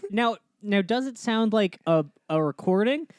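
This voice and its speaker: Young male co-host, lively sidekick voice, teasing and crude. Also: high voice, clear, resonant tone, dry recording, studio quality. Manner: teasing, quick with crude jokes. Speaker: podcast co-host. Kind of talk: casual comedic chat.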